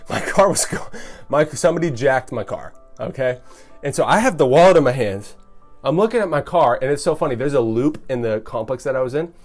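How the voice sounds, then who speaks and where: A young man telling a personal story on his channel in an animated, conversational way, often checking in with the listener. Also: mid-range voice. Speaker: YouTuber.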